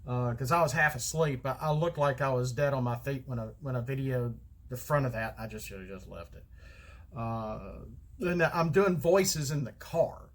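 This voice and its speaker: A man's voice: medium pitch, moderate pace. A middle-aged man with a Southern American accent, rambling through a casual solo vlog monologue and often losing his thread. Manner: rambling, loses his thread, many fillers. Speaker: card game vlogger.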